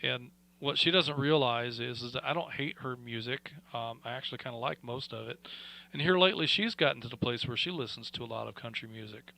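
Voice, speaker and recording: A man hosting an amateur radio net with a bright, forward voice. He talks in a relaxed, folksy way, full of fillers. The tone stays friendly and conversational. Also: medium pitch, brisk, creaky, low-quality recording. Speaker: radio net control host. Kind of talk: casual radio net chat.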